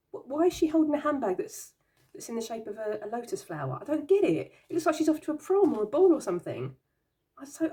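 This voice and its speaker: Giggly woman with a lively voice. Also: mid-range voice. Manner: giggly, amused and baffled, laughing often. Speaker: tarot channel host. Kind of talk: casual show-and-tell chat.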